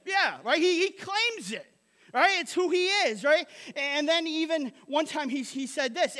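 A man's voice: very high voice, animated, unhurried, pushed and bright. A male pastor preaching a sermon in an emphatic, casual way, repeating phrases and tagging lines with "right?". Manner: casual, slangy asides.

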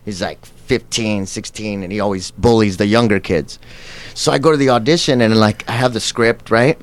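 A man guest in an interview, telling stories in a casual, animated way and acting out quoted lines. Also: lowish voice, moderate pace. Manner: animated, acts out quotes with laughs. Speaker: actor guest.

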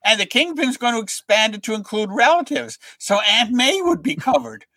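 A middle-aged man, a comic book writer guest, telling anecdotes in a lively way and acting out the lines of the people in them. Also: very high-pitched, moderate pace. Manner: lively storyteller who acts out other people's lines.

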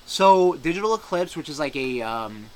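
A man's voice: a little high, expressive, normal speed, darkish tone, a little hiss or hum, rough recording. A man co-hosting a podcast, chatting casually and profanely about gaming news with loose banter. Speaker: podcast co-host.

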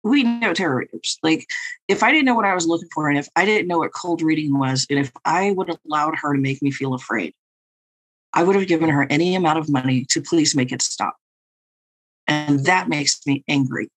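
A woman's voice: low voice, a little fast, low-quality recording. A woman co-hosting a podcast, telling a story in a wry, profane, laughing way. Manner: profane, wry, laughing through her stories. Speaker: podcast co-host and tarot reader. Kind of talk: casual storytelling chat.

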